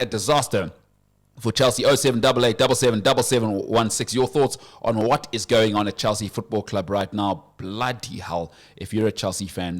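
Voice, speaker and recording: A man hosting a casual sports talk radio show, animated and full of banter and quick asides. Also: lowish voice.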